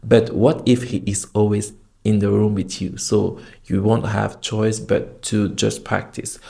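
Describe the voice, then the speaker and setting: Slow, gravelly-voiced man teaching tones. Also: lowish voice, flat delivery, mellow. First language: not Chinese; learned Chinese as a foreign language. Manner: slow, demonstrative, drawing out tone examples. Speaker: language learning vlogger. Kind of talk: instructional video lesson.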